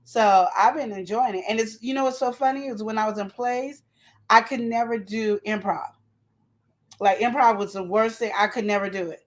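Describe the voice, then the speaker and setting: Animated woman telling stories, higher voice. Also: normal speed. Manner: animated storytelling, acts out quotes and sound effects. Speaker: podcast co-host. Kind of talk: casual chat.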